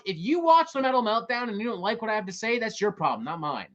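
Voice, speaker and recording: A man's voice: high voice, very animated, fast talker, hardly any pauses, fairly bright tone. A man hosting a show, ranting in casual talk, profane and exasperated. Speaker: host.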